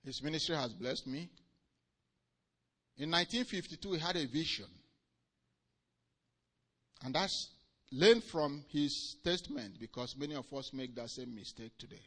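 A male preacher delivering a sermon with emphatic swings between loud declarations and quiet asides. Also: medium pitch, animated, moderate pace, pauses often.

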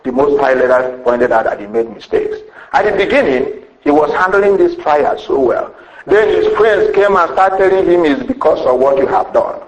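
A man's voice: fairly high pitch, animated, moderate pace, reverberant, dull audio, slight background noise. A man preaching a sermon with emphasis, rhetorical questions and a repeated refrain.

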